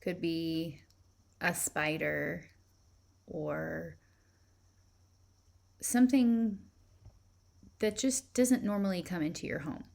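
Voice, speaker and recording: A woman teaching spirituality, leading listeners through a guided visualization with calm, reflective questions. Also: on the low side, slow, creaky, long pauses.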